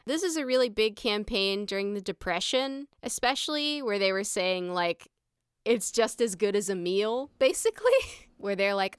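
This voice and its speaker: A woman co-hosting a casual podcast, talking with a wry humor and laughing often. Her voice is smooth and clear. The recording is dry and close. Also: mid-range voice, normal speed, fairly bright tone, no echo. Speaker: podcast co-host. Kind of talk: casual chat.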